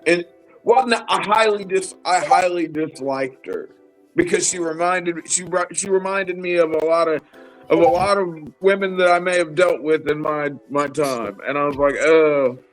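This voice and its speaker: A man co-hosting a casual wrestling chat show, talking in an animated, profane, rambling way. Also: high-pitched, moderate pace, soft background music, poor audio. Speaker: podcast co-host.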